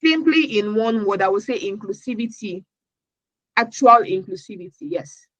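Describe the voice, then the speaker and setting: A woman's voice: mid-range voice, moderate pace, fairly bright tone, no room sound, rough recording. A woman from Nigeria answering interview questions as a podcast guest, earnest, often repeating words as she searches for her phrasing.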